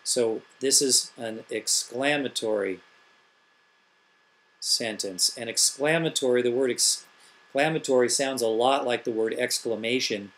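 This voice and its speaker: A man's voice: mid-range voice, measured pace, fairly bright tone. A middle-aged man, an elementary school teacher, patiently explaining grammar step by step and asking rhetorical questions. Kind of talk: classroom grammar tutorial.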